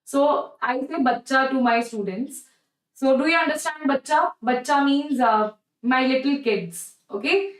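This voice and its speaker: A woman with an Indian English accent and a high voice teaches an unhurried chemistry exam-prep lecture, coaxing and repeating herself while often asking "okay? right?" She's far from the mic in a roomy space, and the audio is poor.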